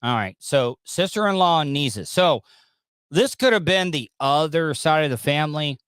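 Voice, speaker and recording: A man's voice: a little high, animated, moderate pace, a bit bright, smooth, dry recording. Male podcast host, wisecracking and mocking, dry room. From Southern US. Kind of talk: casual commentary on news clips.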